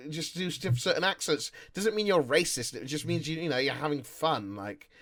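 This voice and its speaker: A man hosting a streamer talk show over a call, rambling and animated with lots of fillers. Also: fairly high pitch, moderate pace. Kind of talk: casual group chat on a call.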